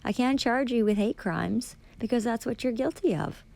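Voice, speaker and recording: Angry woman with a gravelly voice. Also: fairly high pitch, lively intonation, moderate pace, darkish tone, slight background noise. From Canada. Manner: profane, sarcastic, accusatory. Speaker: vlogger reading and rebutting a policy document. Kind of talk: angry ranting monologue.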